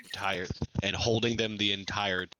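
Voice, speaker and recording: Deadpan low-voiced man. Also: normal speed, slight background noise. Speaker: player. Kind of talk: casual tabletop role-play.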